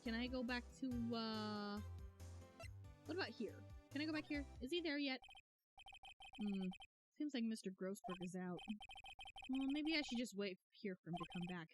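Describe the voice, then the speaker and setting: A woman's voice: fairly high pitch, animated, normal speed, pauses often, over music. A woman streamer chatting casually and giggling while reading a game aloud.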